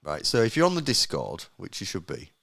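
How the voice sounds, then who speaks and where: A man's voice: low-pitched, huge pitch swings, a little fast, gravelly, a bit bright, breathy edge. A man hosting a live podcast, chatting to viewers, swearing and joking about himself. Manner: sweary, self-mocking, talks to the live chat. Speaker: podcast host. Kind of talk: casual banter on a live podcast.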